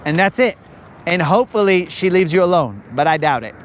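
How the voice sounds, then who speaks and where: A young man runs a live fishing stream outdoors on a lake, rambling through jokey stories in casual chat. His voice sits high with lively intonation, moves a little fast, and carries a slight hiss or hum.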